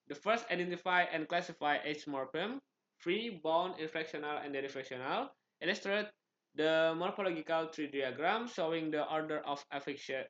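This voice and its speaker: A man's voice: on the high side, a bit bright, dull audio. A man with an Indonesian accent, a student presenting, reading slide items in short clipped phrases with some restarts.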